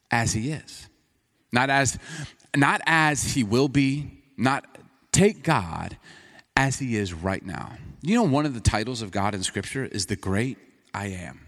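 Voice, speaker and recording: Brief: male pastor, lively storytelling sermon, rising and falling pitch, long hall reverb. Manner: conversational storytelling preacher, acts out dialogue.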